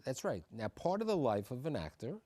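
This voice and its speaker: A man's voice: medium pitch, very animated, fairly quick, dark tone, dry recording. A man hosting a TV interview, asking questions and chiming in with quips. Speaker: TV interview host. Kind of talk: interview questions, casual chat. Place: television studio.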